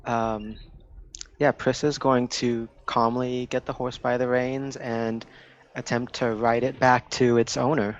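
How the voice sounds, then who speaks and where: A male player thinks out loud, hesitating with frequent "um"s. His mid-range voice comes through a slightly dull, lo-fi mic. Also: mid-range voice, flat delivery, unhurried. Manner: hesitant, many fillers. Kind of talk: casual game talk.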